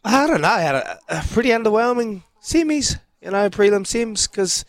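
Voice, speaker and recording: A man's voice: high voice, big pitch swings, moderate pace, dry recording. A man with a New Zealand accent co-hosting a radio show, chatting enthusiastically in a matey way about racing and sport. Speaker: radio co-host. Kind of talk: casual sports chat.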